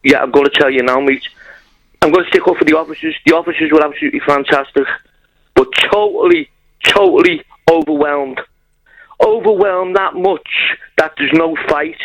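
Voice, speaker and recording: A man's voice: a little high, very animated, normal speed, vocal fry. A man calling in to a radio show, telling his story in a blunt, heartfelt way over a phone line. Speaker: caller. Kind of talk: phone-in call.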